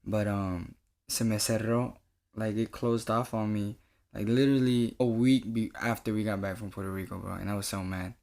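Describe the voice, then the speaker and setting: A young man in a casual podcast chat, laid-back and slangy. He reacts quickly and swears easily. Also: fairly low pitch, steady tone, vocal fry, a little mellow. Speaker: podcast co-host.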